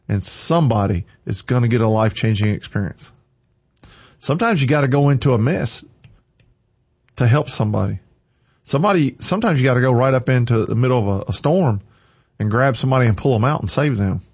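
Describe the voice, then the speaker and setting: Emphatic husky-voiced male preacher. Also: mid-range voice, dull audio. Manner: forceful, emphatic, repeating lines for stress. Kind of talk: sermon.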